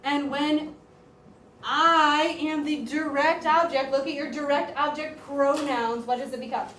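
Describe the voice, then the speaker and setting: A woman teaching a classroom grammar lesson as a high school Spanish teacher, talking in a lively, chatty way with lots of "like". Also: unhurried. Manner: lively, chatty, uses "like" often. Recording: echoey classroom, voice far from mic, faint room noise.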